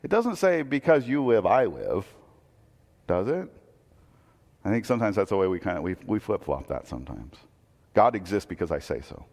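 A man's voice: low voice, sing-song, brisk, darkish tone, in a large hall. A man preaching a sermon earnestly, often repeating a word as he starts a thought. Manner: earnest, repeats words when starting sentences. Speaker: pastor.

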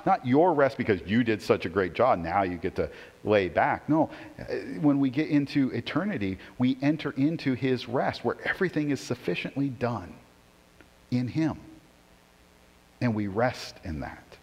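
A man's voice: medium pitch, moderate pace, husky, dull audio. Preaching man in a reverberant hall. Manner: animated preaching, rising emphasis and repeated rhetorical "right?". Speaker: pastor. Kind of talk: sermon.

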